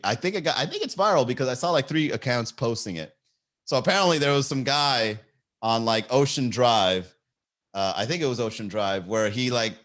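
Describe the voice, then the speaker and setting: A man's voice: medium pitch, a bit bright. A man hosting a comedy podcast, riffing casually, often laughing and swearing freely.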